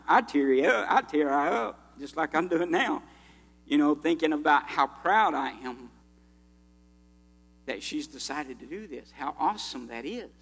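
A man's voice: a little high, fairly bright tone, slightly rough. A man preaching a sermon in an earnest, folksy storytelling way. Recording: reverberant hall with mains hum.

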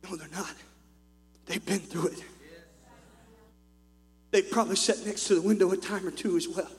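A man preaching a sermon in a church, impassioned and often rising into shouts. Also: sits high, fairly even intonation, normal speed. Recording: echoey hall with mains hum.

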